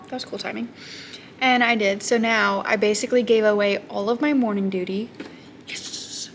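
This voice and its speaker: A woman who teaches high school math, chatting casually to camera in a self-deprecating way and laughing often. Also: fairly even intonation, a little fast. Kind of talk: casual vlog chat. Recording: noticeable background noise.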